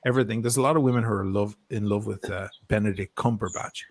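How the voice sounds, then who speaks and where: Gravelly low-voiced man chatting casually. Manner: throws in quick movie-star impressions, swears casually. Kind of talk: casual chat.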